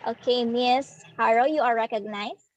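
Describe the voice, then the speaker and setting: A young woman from the Philippines with a Filipino accent, giving a demo class lesson as a student teacher, explaining slowly with pauses and fillers. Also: fairly high pitch, steady tone, muffled recording. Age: young adult. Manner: slow, hesitant, explaining to students.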